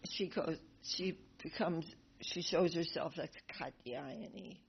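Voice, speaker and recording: A woman teaching a devotional class who retells a sacred story in a lively way, acting out its characters. Her voice sits low and she speaks slowly. The recording is slightly dull and lo-fi. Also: husky. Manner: animated, laughing retelling with acted voices.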